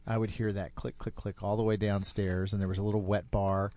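A man in his fifties telling a personal story in a relaxed, unhurried way. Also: fairly low pitch. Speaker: storyteller guest.

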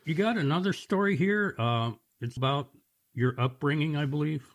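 A man's voice: fairly high pitch, moderate pace. A man hosting a show about stories, interviewing a guest in an attentive, affirming way. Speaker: host of a story show. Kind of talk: interview conversation.

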